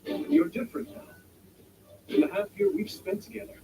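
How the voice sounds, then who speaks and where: An earnest young noble student. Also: male voice, extremely high pitch, lively intonation, warm tone. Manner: measured, sincere, formal speech. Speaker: game character. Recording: game audio heard from far off over music.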